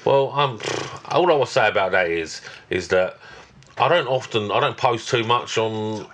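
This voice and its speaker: A man's voice: fairly low pitch, moderate pace, fairly bright tone, slight background noise. A man from Britain co-hosting a podcast, rambling through stories and swearing often. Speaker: podcast co-host. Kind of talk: casual chat.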